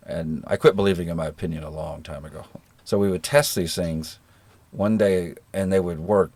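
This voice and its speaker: A middle-aged man with a generic American accent, a guest in a relaxed interview, telling stories in an easygoing, self-deprecating way. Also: low-pitched, dry recording. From rural Georgia, American South. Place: living in New Zealand.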